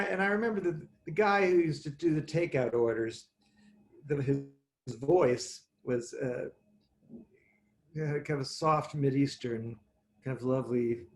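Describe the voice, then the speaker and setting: A man telling a story as a guest over a video call, wry and theatrical, with lively asides. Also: medium pitch. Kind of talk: anecdotal storytelling.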